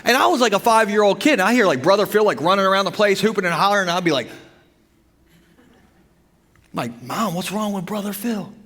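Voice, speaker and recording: Man, pastor, lively humorous sermon, high voice, long church reverb. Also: fast talker, long pauses. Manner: animated, humorous, with bursts of emphasis. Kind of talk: sermon with storytelling. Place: church sanctuary.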